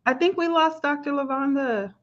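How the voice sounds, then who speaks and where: A woman's voice: sits high, normal speed. A woman guest in a casual chat who reacts often and with enthusiasm. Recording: dull lo-fi audio.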